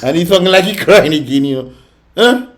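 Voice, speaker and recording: A man's voice: on the high side, fast. Male vlog host, raised voice, scolding reaction commentary. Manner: scolding, mocking and laughing often.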